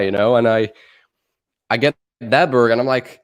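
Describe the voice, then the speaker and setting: Young dutch dude on a livestream, laughs a lot, swears, rambly casual chat. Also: male voice, mid-range voice, moderate pace, long pauses, clean tone. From Netherlands. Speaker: livestream co-host.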